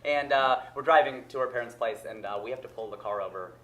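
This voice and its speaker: A man in his thirties telling a long story as a stand-up comedian, getting loud at the punchlines. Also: medium pitch, fast talker, slight background noise. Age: 30s. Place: comedy club stage with a laughing audience. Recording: roomy live club with crowd laughter.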